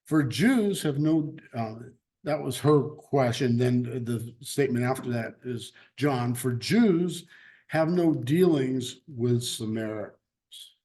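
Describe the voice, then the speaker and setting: Slow-talking man teaching Bible class. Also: medium pitch, dark tone. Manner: chatty, laughs easily, loose restarts. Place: church classroom.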